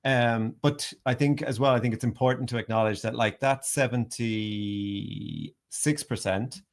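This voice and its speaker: A man hosting a podcast, explaining things casually with many pauses, fillers and repeated words. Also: medium pitch. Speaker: podcast host.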